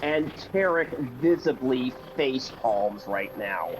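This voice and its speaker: A man's voice: medium pitch, expressive, slow, background noise. A man playing a tabletop game, talking with stammers and restarts. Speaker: player.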